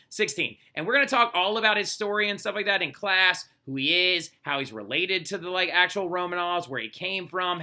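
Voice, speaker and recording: Young male teacher, animated casual lesson delivery; a bit high-pitched, very bright, edgy tone. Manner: chatty, animated, lots of "like" and "right?", acts out quotes. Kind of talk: casual recorded history lesson.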